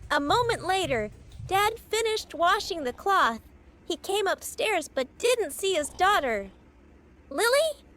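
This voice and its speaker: A woman narrating a storybook tale in a slow, sing-song manner. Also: very high-pitched, sing-song, fairly bright tone.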